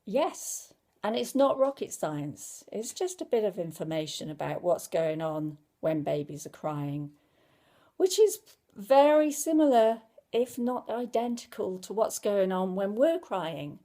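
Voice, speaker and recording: A woman calmly explaining to parents why babies cry, in a gentle, reassuring, conversational way. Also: medium pitch, a little slow. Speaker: parenting educator. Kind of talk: informal talk to camera.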